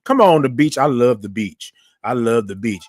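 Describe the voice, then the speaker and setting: A man's voice: mid-range voice, animated, moderate pace, dry recording, clean studio sound. A man hosting a live morning talk stream. He chats casually with his viewers, says "y'all" and greets people by name in long, sung greetings. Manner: Southern-style informal speech, says "y'all". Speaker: host of a live morning show.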